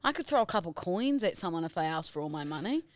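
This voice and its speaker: A woman's voice: on the low side, big pitch swings, fast, no echo, studio quality. A young woman co-hosting a podcast in bubbly, teasing casual chat. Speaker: podcast co-host.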